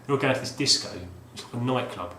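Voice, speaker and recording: In an echoey room with a faint background hum, a rambling retro game collector vlogger talks casually on video, his mid-range voice expressive, quick, and sharp in tone. His speech is full of fillers and restarts.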